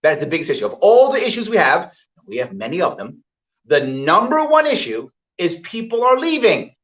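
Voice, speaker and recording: A man's voice: high voice, big pitch swings, fairly quick, a bit bright. A man giving an emphatic campaign stump speech at a voters' event, hammering his points with repetition and acting out what other people say. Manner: emphatic, repeats points, acts out quoted voices. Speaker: political candidate. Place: event hall with live audience. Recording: dull lo-fi event recording.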